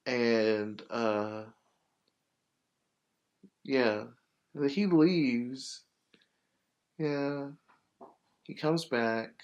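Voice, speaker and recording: A man hosting a podcast, casually retelling a movie plot in a rambling, profane, animated way full of fillers. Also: medium pitch, very slow, pauses often, highs cut off. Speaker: podcast host.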